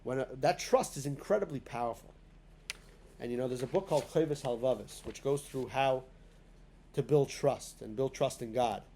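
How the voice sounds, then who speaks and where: A man's voice: mid-range voice, moderate pace, warm tone, a little hiss or hum. A man teaching a spoken lesson in a synagogue class, talking in a conversational way full of fillers and restarts.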